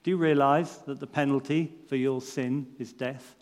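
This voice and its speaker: A man voicing a stern, authoritative male judge, speaking quietly and in a measured way. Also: mid-range voice, fairly even intonation, natural voice. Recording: long reverb in a large hall.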